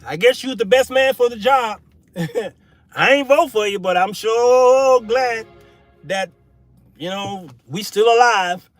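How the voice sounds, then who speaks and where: A middle-aged man hosting his own show in a solo monologue, turning from preachy sermonizing to folksy comic storytelling with shouted punchlines. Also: sits high, slow pace, no room sound, faint music behind. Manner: folksy, casual speech. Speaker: show host.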